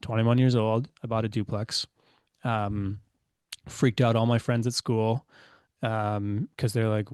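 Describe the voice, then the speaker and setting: A man's voice: on the low side, flat delivery, unhurried, darkish tone, clear, resonant tone, dry recording, studio quality. A man in his thirties, a podcast guest telling stories casually, full of fillers and acting out quoted dialogue. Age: 30s. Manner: chatty, many fillers, acts out quoted dialogue. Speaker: podcast guest, business owner. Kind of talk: casual storytelling interview.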